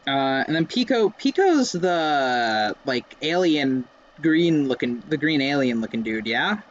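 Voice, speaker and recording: A man's voice: on the high side, big pitch swings, unhurried, highs cut off. A young man giving casual, rambling, self-mocking commentary while playing a racing game. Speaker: let's play streamer.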